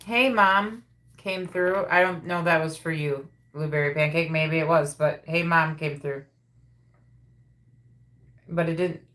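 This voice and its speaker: Lowish-voiced woman relaying psychic messages. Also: level tone, a little slow, long pauses, a bit bright. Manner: relays messages, repeats phrases as they come through. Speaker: psychic reader hosting a live stream. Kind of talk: live-stream psychic reading.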